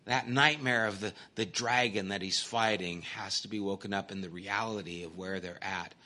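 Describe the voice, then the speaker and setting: Male pastor, sermon delivery, earnest and emphatic, bright tone. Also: on the low side, normal speed. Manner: earnest, emphatic preaching with conversational asides. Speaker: pastor teaching a Bible study series.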